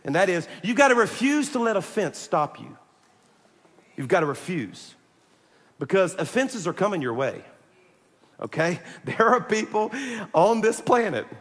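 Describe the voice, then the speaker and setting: High-pitched preacher guy, jokey and fired up, talking to his congregation, big echoey hall. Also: measured pace, long pauses. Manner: animated, joking and emphatic, addressing the congregation. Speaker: pastor. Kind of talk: sermon.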